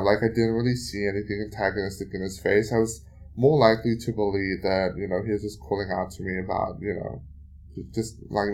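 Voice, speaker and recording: A man's voice: fairly low pitch, creaky, a little mellow. A man hosting his own podcast, telling a story in a casual solo monologue, swearing often and venting with exasperation between many fillers. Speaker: podcast host.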